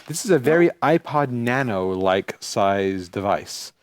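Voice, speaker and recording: Lively, joking male tech show co-host. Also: medium pitch, measured pace, slight background noise. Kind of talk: casual tech show banter.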